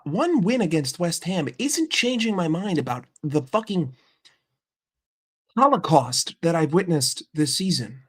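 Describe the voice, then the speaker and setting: An American man giving a heated, profane football reaction rant with lots of emphatic repetition. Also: a little high. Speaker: football fan commentator.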